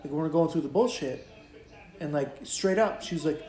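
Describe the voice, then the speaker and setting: Laid-back man, fairly high voice, echoey. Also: fairly quick, a little mellow. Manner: laid-back, profane, storytelling. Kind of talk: casual chat. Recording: echoey room.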